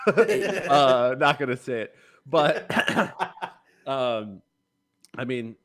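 A man's voice: mid-range voice, lively intonation, drawn-out words, pauses often, fairly bright tone. A young man co-hosting a casual podcast as the intern, cracking jokes and heckling playfully.

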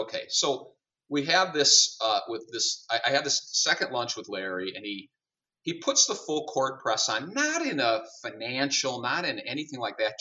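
A man's voice: medium pitch, far from the mic, lo-fi sound. A middle-aged man who runs a company, a podcast guest telling a story and acting out the dialogue in it. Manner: animated storyteller, acts out dialogue.

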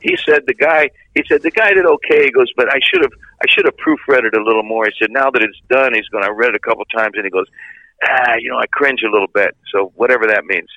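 A man's voice: animated, fast talker, few pauses, no room sound, muffled recording. A man guesting on a radio show, telling loose stories and mimicking others. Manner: loose storyteller, mimics others in high voices. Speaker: rock singer guest. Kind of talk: casual interview chat.

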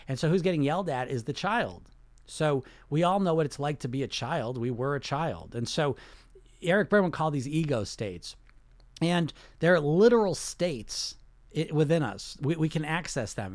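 A man's voice: medium pitch, no echo. A man, a hypnotherapist, explaining ideas in a conversational self-help talk and often checking in with his listeners. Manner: conversational, keeps checking in with "okay?" and "right?".

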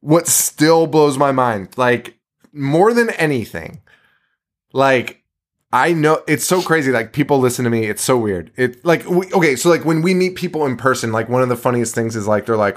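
A man's voice: medium pitch, very animated, moderate pace. A man co-hosting a horror podcast in casual chat, rambling, with many fillers and casual swearing. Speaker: podcast co-host.

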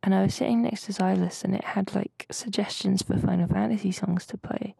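A young woman rambles through a story in casual podcast chat. Her voice is heavily gravelly and husky. The sound is close and dry. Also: medium pitch, steady tone, fairly quick, warm tone, dry recording. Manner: rambling, chatty storytelling with mild swearing. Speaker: podcast co-host. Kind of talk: casual chat, recounting a dream.

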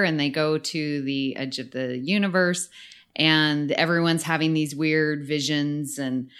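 A woman with a lowish, smooth and clear voice who talks slowly and unhurriedly on a podcast. She sounds amused and chatty as she leads the conversation. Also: fairly bright tone. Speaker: podcast co-host. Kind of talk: casual discussion.

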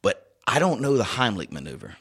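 A man and youth soccer coach chatting casually as co-host, telling a story with lively acted-out quotes. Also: medium pitch, fairly quick, vocal fry, breathy edge. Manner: animated storyteller, acts out quoted voices. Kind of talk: casual chat.

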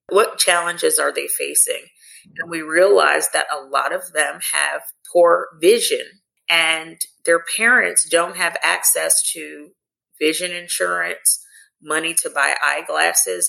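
A woman guest on an interview, telling a story in an earnest, measured way. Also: low-pitched, vocal fry, pushed and bright, poor audio. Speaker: guest, sports team executive.

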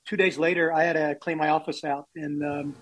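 A man's voice: a little high, little pitch movement, brisk, fairly bright tone, poor audio. A man in his sixties, a baseball executive telling candid, self-deprecating stories in an interview. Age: 60s. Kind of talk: storytelling interview.

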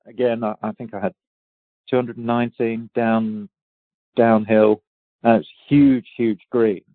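A man's voice: medium pitch, little pitch movement, unhurried, dry recording. Englishman telling stories down a phone line. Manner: rambling, many restarts and fillers, laughs easily. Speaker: guest golfer. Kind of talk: casual interview storytelling. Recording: tinny phone-line sound, dry.

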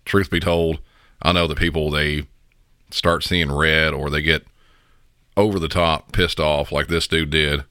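Male podcast host, very deep and smooth voice, blunt opinionated commentary. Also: flat delivery, a little slow, sharp tone, no room sound, studio quality. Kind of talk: casual commentary.

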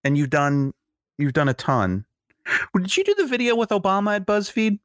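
A man's voice: high-pitched, normal speed, no room sound, studio quality. A middle-aged man hosting a podcast, chatting casually and acting out the voices of people in his anecdotes. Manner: animated, acts out quoted voices in anecdotes. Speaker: podcast host. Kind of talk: casual conversational storytelling.

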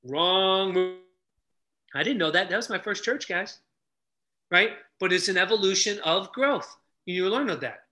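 An energetic middle-aged man telling stories as a podcast guest, acting out the people he quotes. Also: sits high, a little slow. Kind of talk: animated storytelling.

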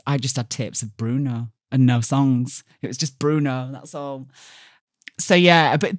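A middle-aged woman with a Yorkshire accent, a radio presenter telling stories in a casual interview, lively and chatty with quick bursts. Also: very deep voice, no room sound, studio quality. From Barnsley, Yorkshire, England.

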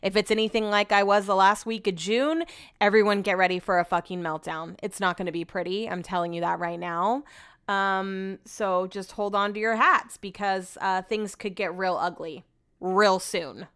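A woman's voice: medium pitch, steady tone, moderate pace, a bit bright, clear, resonant tone, no echo, studio quality. A young adult woman hosting a podcast at home, rambling in casual solo chat and swearing freely. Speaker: podcast host.

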